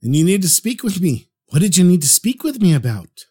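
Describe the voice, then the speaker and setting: A man voicing a gentle, compassionate old rabbi. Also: sits high, big pitch swings, fairly quick, slightly rough, pitched above the performer's own voice, heavily acted. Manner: gentle, soothing.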